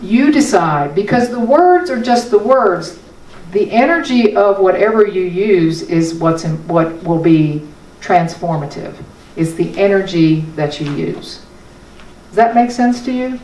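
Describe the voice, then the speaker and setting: A woman's voice: mid-range voice, lively intonation, a little slow, a little mellow. A woman giving a sermon as a spiritual teacher, talking in a conversational but emphatic way. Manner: conversational, emphatic, with small laughs. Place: spiritual center hall. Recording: roomy hall from a distance.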